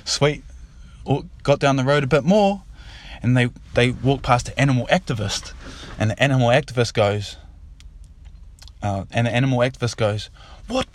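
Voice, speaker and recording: A man tells a fable as a casual, rambling story. His voice sits at an ordinary middle pitch, and he often repeats himself and circles back as he talks. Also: brisk. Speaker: father telling a story.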